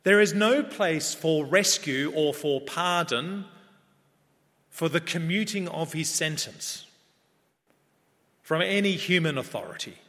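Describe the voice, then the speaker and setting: A man preaching a sermon in a measured, earnest way that builds in emphasis. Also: on the high side, lively intonation, a bit bright. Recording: long reverb of a large hall.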